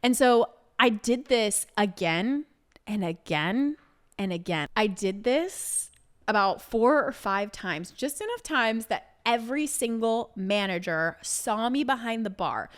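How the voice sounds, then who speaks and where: A young adult woman hosting a solo podcast, telling a story in a casual way, swearing and saying "like" and "literally" often. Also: measured pace. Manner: animated, acts out quoted people with big pitch jumps. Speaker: podcast host.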